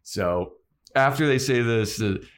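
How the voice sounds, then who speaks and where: A man's voice: mid-range voice, takes it slowly. A young man in a casual podcast chat, telling a story animatedly, laughing often and acting out the scenes.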